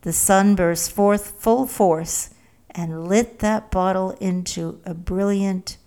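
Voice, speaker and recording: A woman narrating a first-person story in a slow, measured way. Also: medium pitch, fairly even intonation, warm tone.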